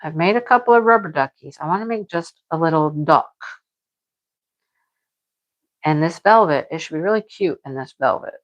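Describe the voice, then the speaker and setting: A woman's voice: deep voice, animated, fairly quick, lo-fi sound. A middle-aged woman chatting casually to her viewers about her crochet projects, rambling and repeating herself. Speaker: crochet vlogger.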